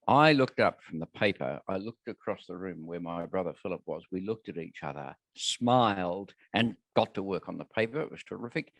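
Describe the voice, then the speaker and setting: Older man, low-pitched, dry close sound, wry storyteller, guest speaker. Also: fairly bright tone, no room sound. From Australia. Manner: wry, self-deprecating storyteller. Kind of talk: casual Q&A with anecdotes. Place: city lunchtime meeting room. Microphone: shared handheld mic.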